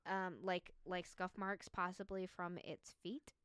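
Smooth low-voiced woman telling a tale. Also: little pitch movement, measured pace, fairly bright tone, no echo, clean studio sound. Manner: chatty, laughs easily, many "like" fillers. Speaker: podcast co-host telling a story. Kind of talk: casual storytelling chat.

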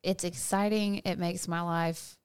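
A woman's voice: lowish voice, steady tone, a little slow, smooth. A woman co-hosting a podcast in casual chat, teasing and laughing often while telling stories. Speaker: podcast co-host.

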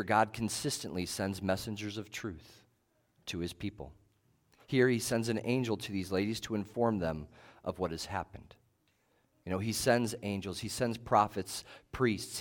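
A male pastor preaching a sermon in a measured, emphatic way, leaning on short repeated phrases. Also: lowish voice.

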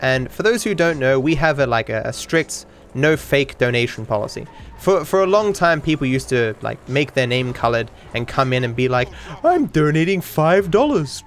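A man's voice: mid-range voice, lively intonation, moderate pace, soft background music. A man hosting a podcast, telling a story in a loose, rambling way, with many restarts and casual swearing. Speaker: podcast host and streamer.

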